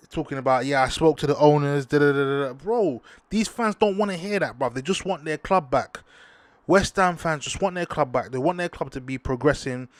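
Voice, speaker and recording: A young man, hosting a casual football talk show, slangy and animated, breaking into outraged high-pitched rants. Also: no room sound. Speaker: football podcast host. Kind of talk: casual sports talk monologue.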